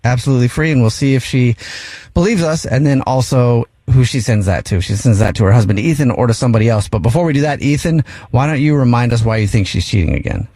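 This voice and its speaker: A man hosting a radio talk show, upbeat and quick to laugh. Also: mid-range voice, mellow, no echo, studio quality.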